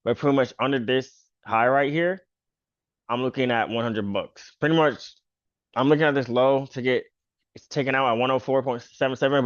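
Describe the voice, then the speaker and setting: A man's voice: medium pitch, no echo, highs cut off. A man hosting a casual stock chart walkthrough, talking loosely with lots of fillers like "pretty much" and "bro". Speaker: stock trader and channel host.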